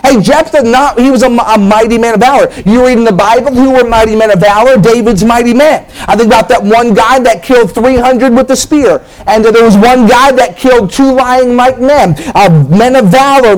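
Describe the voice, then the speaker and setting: A middle-aged man with a notably high voice delivers a lively sermon. He talks in bursts of exclamation, often throwing in "hey" and "man" as he presses his points. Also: poor audio. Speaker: preacher.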